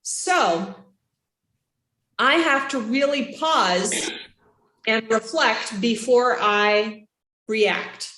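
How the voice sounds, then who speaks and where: A woman instructor giving a casual classroom lecture, lively and chatty, acting out reactions with gasps and little voices. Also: fairly high pitch, very slow, pauses often. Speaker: child development instructor. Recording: roomy classroom echo.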